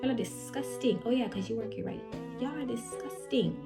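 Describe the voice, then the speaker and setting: A woman voicing an irate female drive-thru customer who hollers and scolds in a shrill, indignant way. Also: fairly quick, gravelly, loud music behind the voice.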